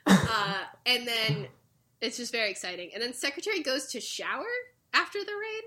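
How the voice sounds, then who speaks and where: Young woman, podcast co-host, bright voice that swings widely, acts out lines, laughs a lot. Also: a little high, moderate pace. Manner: animated retelling, acts out characters' lines, laughs often. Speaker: podcast co-host recapping a show. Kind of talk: casual chat.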